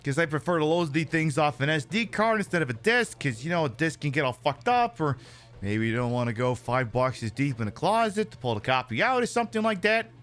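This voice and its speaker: A man streaming a video game and chatting with viewers in a sarcastic, profane, animated way. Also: a little high, brisk, soft background music. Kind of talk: casual live-stream chat.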